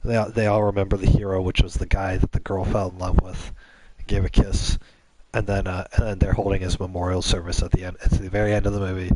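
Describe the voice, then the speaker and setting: A man's voice: low-pitched, flat delivery, fairly quick, very noisy. A man hosting a gaming channel, making up a long story on the spot, rambling with many restarts.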